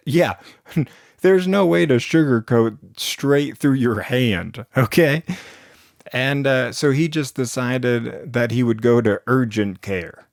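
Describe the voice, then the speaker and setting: A young man spins an improvised comic story, rambling along with plenty of fillers and chuckling at his own jokes. His voice sits at an ordinary middle pitch. It is recorded close and dry, with no room sound. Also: no echo. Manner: rambling, chuckles between lines, lots of fillers.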